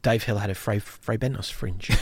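A man's voice: fairly low pitch, a little mellow, slightly rough. Easygoing man hosting a radio show. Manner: easygoing, unsure, hedging. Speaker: radio host. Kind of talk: casual on-air banter about records.

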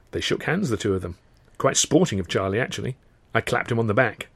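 A man's voice: on the low side, expressive, brisk, vocal fry, a bit bright, breathy edge. A man reading his own first-person novel aloud as narrator, in a dry, wry storytelling manner. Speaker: author and narrator.

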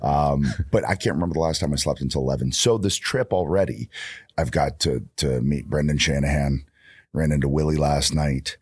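A man in his fifties, a guest wrestler, chatting casually in a raspy morning voice. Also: brisk, no echo, clean studio sound. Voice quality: deep and husky. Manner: laid-back, self-deprecating chat. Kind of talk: casual chat. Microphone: studio microphone.

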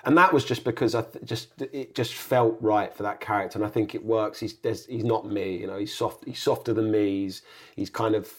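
A man's voice: on the low side, fairly even intonation, fairly quick, breathy edge. Laid-back rambling male actor guest. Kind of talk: casual interview chat.

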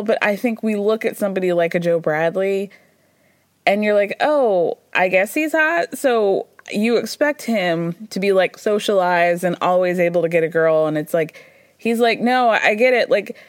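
A woman's voice: mid-range voice, no echo. A young woman hosting a podcast, recapping reality TV in a chatty, sassy and profane way. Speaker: podcast host. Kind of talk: casual pop culture recap.

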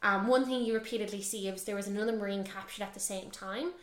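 A young adult woman co-hosting a podcast, casually recapping a TV series in an animated way, full of fillers and swearing. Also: mid-range voice, fast talker, echoey room. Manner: animated, heavy filler use, swears freely. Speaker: podcast co-host.

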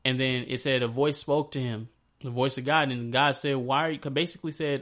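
A man talking in a loose, slangy way as he retells an old story and ties it to his own life. His voice sits at an ordinary middle pitch, and his delivery turns lively when he acts out the scenes. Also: a little fast. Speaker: speaker sharing a faith story. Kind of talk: casual spoken reflection.

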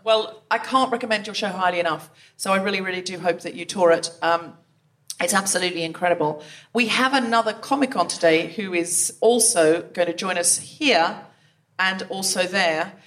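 A woman's voice: on the low side, normal speed, fairly bright tone. A woman hosting a live podcast show on stage, introducing the next act with gushing enthusiasm. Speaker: podcast host. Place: theatre stage before a live audience.

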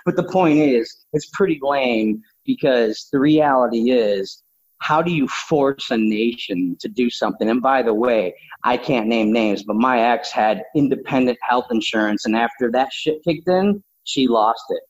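A man's voice: medium pitch, measured pace. A man talking bluntly and combatively, swearing freely in casual opinionated talk. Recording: dull lo-fi sound.

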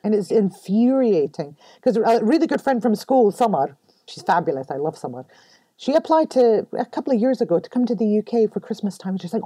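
Brief: middle-aged woman, podcast guest, mellow low voice, American accent with a light Scottish touch, candid and expressive, dry close sound. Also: fairly quick, slightly rough, dry recording. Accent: American-tinged English with a light Scottish touch. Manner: candid and expressive, laughs often. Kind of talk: casual interview talk. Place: home room.

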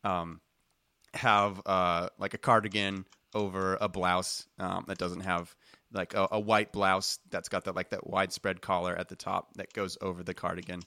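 A man running a tabletop game in a chatty, laid-back way, laughing between descriptions. His voice is bright and forceful and sits fairly low. The sound is dry and close. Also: flat delivery, normal speed, dry recording. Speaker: game master.

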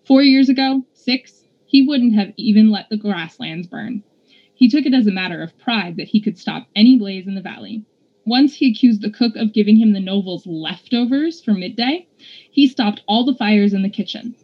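A woman reading a storybook voices a blunt, gossipy woman wagon trader with a brisk, scolding manner. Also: mid-range voice, lively intonation, highs cut off. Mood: gossiping.

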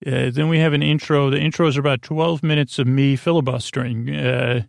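A man hosting a sleep podcast, talking in creaky, soothing tones with rambling, filler-heavy bedtime talk. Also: mid-range voice, steady tone, brisk, no room sound, studio quality. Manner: rambling, full of fillers and tangents.

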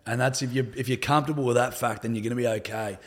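A man's voice: medium pitch, fairly even intonation, rapid-fire. An Australian man in a casual podcast chat who talks bluntly and swears freely. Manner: blunt, sweary, laid-back. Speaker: podcast co-host, guest.

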